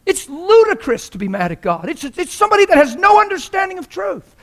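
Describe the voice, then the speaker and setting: Preacher guy, really high voice, fired up and pleading with the crowd. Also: very animated, brisk. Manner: impassioned, rising to shouts. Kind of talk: sermon.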